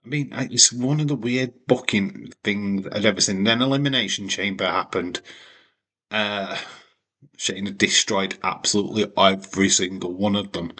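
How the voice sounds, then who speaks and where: A man's voice: lowish voice, fairly even intonation, moderate pace, bright, forceful tone, husky. Blunt, sweary man ranting about wrestling. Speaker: wrestling watch-along host. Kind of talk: casual opinionated commentary.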